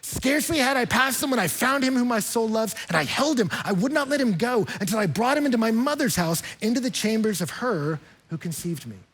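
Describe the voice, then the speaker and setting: A man's voice: extremely high pitch, expressive, brisk, few pauses, fairly bright tone, slightly rough. A pastor preaching a conversational sermon with humor, acting out quoted voices as he explains scripture. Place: church.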